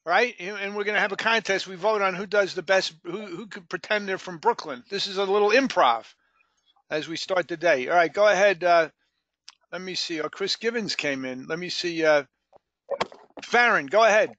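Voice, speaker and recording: A man's voice: high voice, normal speed, sharp tone, no room sound, muffled recording. A man hosting a live sales training call, joking with the group and calling on people by name.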